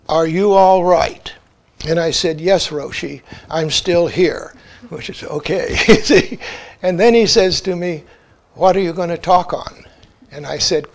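A man giving a reflective Zen dharma talk, often saying "see" and dropping to hushed tones. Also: sits high. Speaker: Zen teacher.

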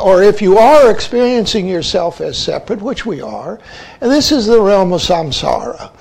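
A man's voice: high-pitched, a little mellow, poor audio. A man, a Zen teacher, giving an emphatic dharma talk and often saying "see" as a verbal tic.

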